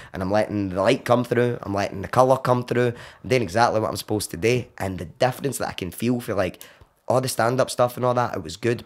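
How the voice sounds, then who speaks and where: Animated Glaswegian man telling a story. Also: on the low side. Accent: Glaswegian Scottish. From Glasgow, Scotland. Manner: animated, swears freely, acts out quoted voices. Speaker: podcast guest. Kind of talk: casual storytelling chat.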